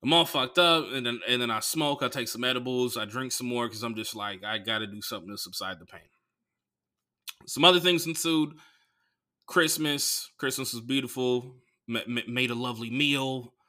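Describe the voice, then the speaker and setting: Bright-voiced man with sudden loud outbursts. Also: mid-range voice, moderate pace. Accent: Bay Area. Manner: swings from mumbling asides to loud shouted outbursts. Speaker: comedian podcast host. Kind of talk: profane storytelling monologue.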